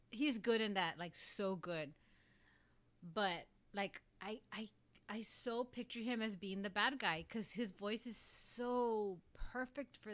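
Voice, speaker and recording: A woman hosts a relaxed livestream and chats with her audience. She talks in a gushing, rambling way, stacking "like" between her thoughts and restarting sentences as she goes. Her voice sits in an ordinary middle pitch. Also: clean tone. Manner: gushing and rambling, heavy use of "like". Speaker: livestream host. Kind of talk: casual livestream chat.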